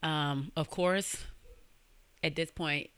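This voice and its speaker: A woman's voice: sits low, fairly even intonation, takes it slowly, a bit bright, clear, resonant tone, no echo. A young woman hosting a podcast, telling a true-crime story in a casual, slangy way and swearing freely. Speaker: podcast host.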